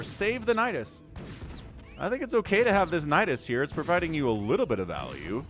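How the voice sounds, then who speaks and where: A man hosting a live stream and giving chatty, excitable commentary on an esports match, thinking aloud as the play unfolds. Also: on the high side, fairly quick. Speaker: game commentator and stream host.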